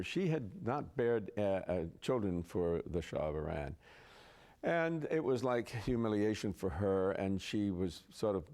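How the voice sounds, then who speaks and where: A man with a lowish voice and a mellow, soft tone recounts stories as an interview guest. He talks like a chatty raconteur, laughing as he goes. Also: creaky. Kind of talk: anecdotal storytelling.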